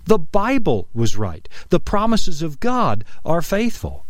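A middle-aged man preaching an earnest, emphatic radio sermon, dropping his voice low on key phrases. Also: huge pitch swings, takes it slowly, dry recording. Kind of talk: broadcast sermon.

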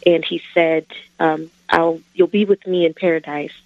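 A woman calling in to a radio show, asking a Bible question hesitantly with many pauses. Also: low-pitched, flat delivery, dry recording. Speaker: caller. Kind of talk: call-in question. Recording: dull phone line.

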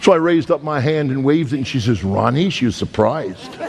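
A man with a Brooklyn accent preaching a sermon, emphatic, swinging between high loud peaks and slow low words. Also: expressive. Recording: long hall reverb.

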